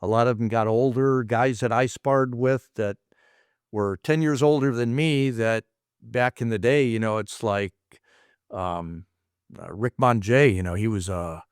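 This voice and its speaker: A man's voice: mid-range voice, a little slow, smooth, no echo, studio quality. A middle-aged man, a martial arts instructor, casually rambling through anecdotes and acting out quoted dialogue. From United States. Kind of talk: casual storytelling.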